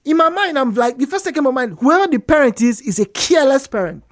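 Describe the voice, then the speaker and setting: A woman's voice: high-pitched, quick pace, dry recording, clean studio sound. A woman with a Nigerian accent hosting a radio talk show, telling a story with lots of emphasis and repetition. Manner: animated storytelling, repeats points for emphasis.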